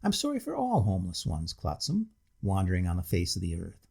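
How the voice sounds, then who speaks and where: A man reads as a tipsy, pompous middle-aged gentleman in a storybook, overly polite and slow with drink. The voice is gravelly and husky, and it swoops widely up and down. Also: sits low, wildly swooping pitch, exaggerated voice. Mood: ponderous sympathy. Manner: overly civil, ponderous, slightly drunk.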